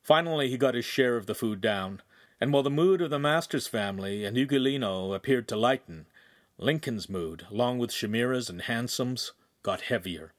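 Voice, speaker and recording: A man reading a young adult novel aloud in a measured, even way. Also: fairly low pitch, no echo, clean studio sound. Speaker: audiobook narrator. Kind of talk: scripted narration.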